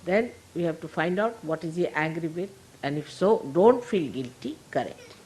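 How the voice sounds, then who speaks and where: An older woman with an Indian accent, a spiritual teacher giving a gentle, humorous sermon to her followers. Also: on the low side, animated, normal speed, poor audio. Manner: gentle, humorous, laughing as she talks.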